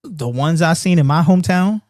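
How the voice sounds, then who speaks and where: Animated man telling a story. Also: a little high, normal speed, no room sound, studio quality. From Baltimore. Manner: animated storyteller, loose slang, many restarts. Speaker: host of a Bible reading stream. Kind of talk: casual storytelling chat. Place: apartment in Japan.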